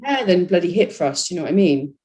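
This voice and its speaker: A woman's voice: fairly low pitch, very animated, fairly quick, a crowd in the background. A young woman chatting casually as a podcast guest, talking about her bodybuilding training with lots of "you know" fillers. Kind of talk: casual chat.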